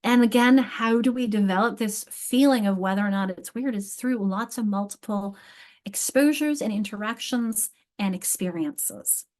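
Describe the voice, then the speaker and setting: A woman's voice: mid-range voice, normal speed. Chatty woman leading a literacy training. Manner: animated, many restarts and fillers; rhetorical tag questions. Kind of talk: live teacher training lecture.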